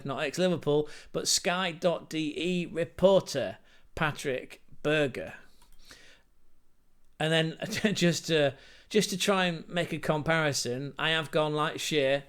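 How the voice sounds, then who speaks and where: A man hosting a football channel, talking in a casual, jokey and animated way with quick asides. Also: fairly high pitch, smooth. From England. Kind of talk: casual commentary.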